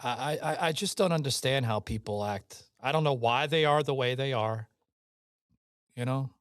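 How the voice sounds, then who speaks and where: A man's voice: medium pitch, moderate pace, no echo. A man co-hosting a podcast in a studio, chatting casually with lots of swearing, laughter and banter. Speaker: podcast co-host. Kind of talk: casual political chat.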